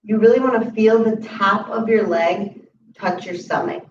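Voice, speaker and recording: A woman teaching a chair yoga class, calmly cueing each breath and movement. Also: mid-range voice, moderate pace. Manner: calm instructive cueing of breaths and moves. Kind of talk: guided exercise class. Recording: roomy, distant, muffled audio with faint hiss.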